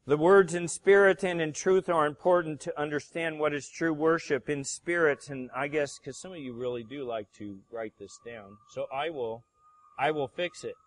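A man's voice: on the high side, normal speed. A male pastor preaching a sermon, emphatic and fond of rhetorical questions to his congregation.

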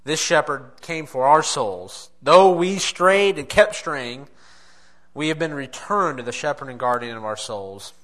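A man's voice: mid-range voice, bright, forceful tone. A man preaching a sermon, earnest and direct, often asking his listeners questions and chuckling now and then.

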